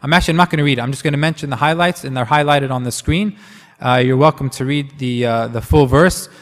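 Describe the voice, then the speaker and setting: A man's voice: medium pitch, fast talker, a bit bright, long reverb tail. A man preaching a sermon in a conversational way, with many fillers and restarts.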